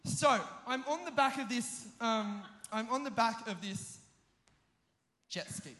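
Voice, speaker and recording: A young man preaching a sermon, telling a funny story about himself in an animated way and often laughing as he talks. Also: extremely high pitch, slow. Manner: animated, self-mocking, often laughing mid-sentence. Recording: long hall reverb.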